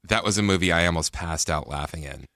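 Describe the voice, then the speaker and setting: Deep-voiced easygoing male co-host. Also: fast talker, a bit bright, no echo, clean studio sound. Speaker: radio co-host. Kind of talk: casual chat.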